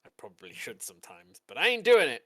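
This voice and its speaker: A relaxed game master sets each scene with plenty of jokes. The voice swings widely up and down as it narrates, at a middle pitch. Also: fast talker. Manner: relaxed, joking, describing scenes.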